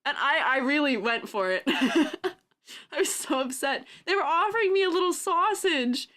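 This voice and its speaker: High, lively young woman streamer. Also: a little slow. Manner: giggly, bursts into silly yells and sound-effect noises. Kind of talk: casual stream chat.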